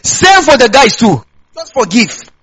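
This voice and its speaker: A man's voice: extremely high pitch, sing-song, measured pace, a bit bright, husky, poor audio. A male pastor from Nigeria with a Nigerian accent, preaching a sermon and tossing questions back to the congregation.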